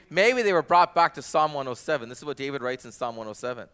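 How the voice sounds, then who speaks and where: A man preaching a sermon, animated, getting loud and intense when he quotes cries and scripture. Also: mid-range voice, quick pace, few pauses, clear, resonant tone. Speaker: pastor.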